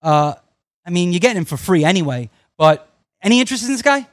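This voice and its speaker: A man hosting a fantasy football panel, steering the talk with quick questions to his co-hosts. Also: sits high, expressive, no room sound. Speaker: fantasy football show host. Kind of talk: casual sports chat.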